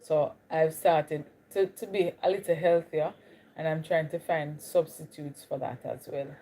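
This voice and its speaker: A woman's voice: low-pitched, fairly even intonation, unhurried, mellow. A woman from Jamaica with a Jamaican accent, chatting casually on a livestream and greeting viewers by name. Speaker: livestream host. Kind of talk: casual live chat with viewers.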